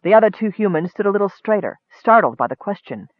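A man reading a fantasy story aloud in a steady, measured way. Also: high-pitched, no echo. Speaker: audiobook narrator. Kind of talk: scripted fantasy narration. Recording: dry tinny phone-like audio.

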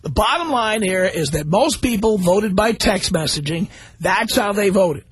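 A man's voice: high-pitched, expressive, unhurried, husky, dry recording. A man hosting a call-in radio talk show, blunt and combative as he rants his opinions.

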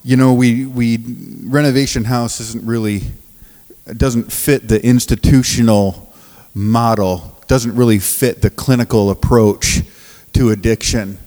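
A man preaching as a pastor of a recovery ministry, telling stories from the pulpit in a halting, restarting way and often laughing as he talks. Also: medium pitch, steady tone, mellow, in a large hall. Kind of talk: sermon with storytelling. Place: church sanctuary.

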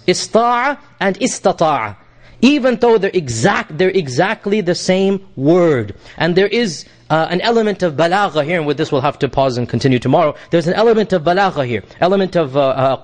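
A man giving a Quran commentary lesson, explaining patiently, repeating his points and reciting Arabic verses quickly. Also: high-pitched. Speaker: Islamic teacher.

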